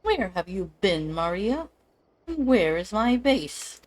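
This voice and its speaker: A woman's voice: mid-range voice, sing-song, slow, low-quality recording. A woman voicing a cold, haughty noblewoman collector, reading game dialogue live in an imperious, scornful way. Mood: scolding.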